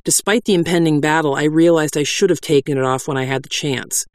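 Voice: medium pitch, a little fast, dry recording. A reader narrating a comic fantasy tale in a dry, wry storytelling style. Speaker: audiobook narrator.

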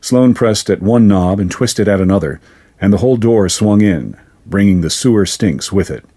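A man narrating a fantasy story in a steady, even storytelling manner. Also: lowish voice, moderate pace, breathy edge.

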